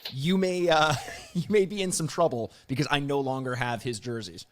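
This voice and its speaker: Joking young podcast host. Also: male voice, medium pitch, moderate pace. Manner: joking, chatty, teasing. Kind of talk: podcast intro and interview.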